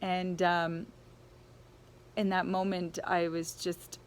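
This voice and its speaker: A woman's voice: on the low side, level tone, takes it slowly, slight background noise. A woman telling a personal travel story, laughing often and acting out the people she quotes.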